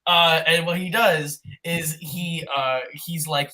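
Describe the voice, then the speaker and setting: A podcast co-host recapping an old film in a rambling, profane, excitable way, sometimes doing quick mock voices. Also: medium pitch. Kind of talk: casual comedic chat.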